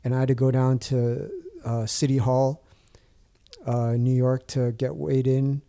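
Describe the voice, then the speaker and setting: Mellow-voiced man rambling through a story. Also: medium pitch, level tone, a little slow. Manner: rambling, many restarts and fillers. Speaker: podcast guest. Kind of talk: casual storytelling chat.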